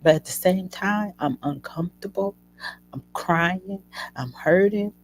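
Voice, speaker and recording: A woman hosting a show, telling a personal story to her listeners in an emotional, animated way. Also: fairly low pitch, a little slow, slight background noise, poor audio. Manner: emotional, animated retelling addressing listeners as y'all. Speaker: host.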